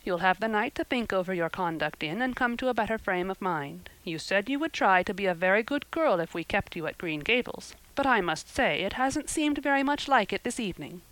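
A woman's voice: mid-range voice, lively intonation, a little fast, hardly any pauses, a bit bright, lightly acted, rough recording. A woman reading an audiobook, voicing a stern, dry-witted middle-aged guardian woman who speaks in a dry, reproving way.

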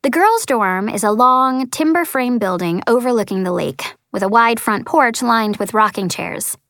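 A woman's voice: fairly high pitch, lively intonation, moderate pace, a bit bright, no room sound, clean studio sound. A woman reading a first-person story as an audiobook narrator, earnest and lightly voicing the dialogue.

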